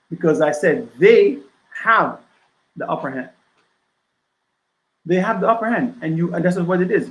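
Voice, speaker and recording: On a casual podcast, a male author appearing as a guest speaks in a somewhat high voice for a man. He hammers his points home with rhetorical questions and keeps tossing in "right?". There's noticeable echo in the room.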